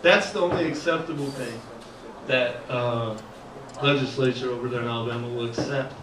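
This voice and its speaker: A man's voice: medium pitch, moderate pace, fairly bright tone. A man doing a stand-up comedy set at an open mic, chatty and self-deprecating, with lots of uhs and ums. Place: art gallery open mic night. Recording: echoey room recorded from far off, noisy. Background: audience ambience and laughter.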